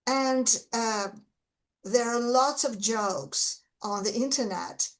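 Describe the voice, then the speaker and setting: A woman's voice: on the high side, slow, rough recording. A Russian-accented woman, an English teacher, explaining things earnestly and stressing her key words in casual conversation.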